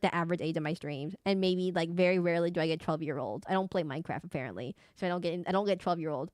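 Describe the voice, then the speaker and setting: A woman's voice: on the low side, smooth, no room sound, studio quality. A woman in her thirties chatting casually with her stream chat, rambling and giggling with lots of fillers. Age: 30s. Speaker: VTuber streamer.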